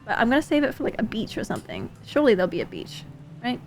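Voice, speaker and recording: A woman streamer chatting casually while she plays a game, excitable and quick to swear. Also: a little high, soft background music. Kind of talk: casual gameplay livestream chat.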